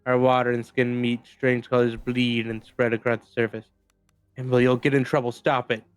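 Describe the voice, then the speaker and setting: A man streaming a story game, reading its narration aloud in a steady storytelling way. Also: medium pitch, normal speed, clean tone, no echo, faint music behind.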